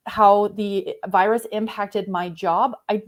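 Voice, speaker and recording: A woman's voice: medium pitch, steady tone, slow pace. A woman in her forties hosting a live online interview, talking in an effusive, heartfelt way. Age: 40s. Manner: effusive, heartfelt, openly emotional. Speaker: host.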